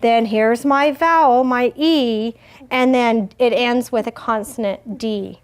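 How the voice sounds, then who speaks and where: A woman teaching a first grade phonics lesson, asking gentle questions and stretching out words slowly. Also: a little high, clean tone. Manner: slow, exaggerated word modeling.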